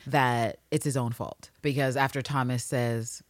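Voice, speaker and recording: A woman's voice: rumbling low, dry recording. A woman from New York co-hosting a podcast, swearing freely and slipping into voices as she recaps a TV series. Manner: profane, animated storytelling, quick to put on voices. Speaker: podcast co-host. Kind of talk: casual chat recapping a TV series.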